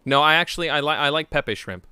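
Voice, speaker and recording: A young adult man streaming a game, chatting playfully with his viewers and breaking into sudden loud shouts. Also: a little high, quick pace, clean tone, dry recording. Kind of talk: casual live-stream chat.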